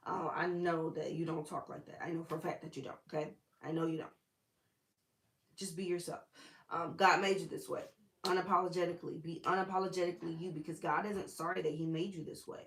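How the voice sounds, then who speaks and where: A woman preacher talks through scripture in a loose, chatty, sassy way. Her voice sits a little low, and it rings in a roomy, echoing space. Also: fairly quick. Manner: chatty, animated, sassy asides. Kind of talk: casual Bible teaching.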